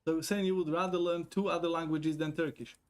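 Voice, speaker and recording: A man's voice: a little high, steady tone, fast talker. Chatty foul-mouthed man. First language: not English. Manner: chatty, profane, joking, reads chat aloud. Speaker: streamer. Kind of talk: casual gaming stream chat.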